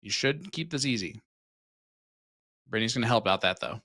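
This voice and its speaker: A man's voice: medium pitch, expressive, normal speed, pushed and bright, breathy edge, no room sound. A man commentating a darts tournament, joking and chatty with asides between throws. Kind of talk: live sports commentary.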